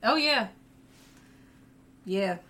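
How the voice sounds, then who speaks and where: A young woman chatting casually, giggly and drawn-out. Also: medium pitch, expressive, sharp tone. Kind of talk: casual chat.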